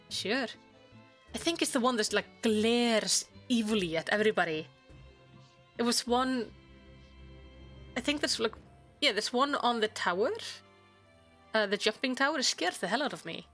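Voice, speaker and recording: A woman's voice: a little high, measured pace, pauses often, a bit bright, soft background music. A woman from Iceland chatting playfully while streaming a game. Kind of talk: casual gameplay commentary.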